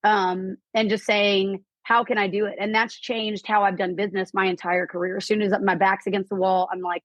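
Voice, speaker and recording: A woman guest on a podcast telling a personal story, animated and quoting people in lively voices. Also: mid-range voice, moderate pace, few pauses, no echo. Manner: animated, quotes herself and others in lively voices. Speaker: podcast guest, real estate investor. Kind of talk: storytelling in an interview.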